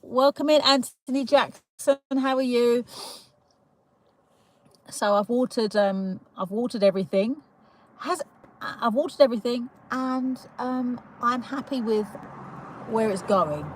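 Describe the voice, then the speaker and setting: A woman's voice: on the high side, unhurried, rough recording. Chatty British woman greeting live viewers. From United Kingdom. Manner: chatty and giggly, with many fillers and restarts. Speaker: livestream host.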